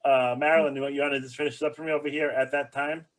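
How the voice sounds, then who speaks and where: Man with a mid pitch, teaching casually. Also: level tone, very fast. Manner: conversational, joking, explanatory. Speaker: rabbi. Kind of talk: teaching a bible study class.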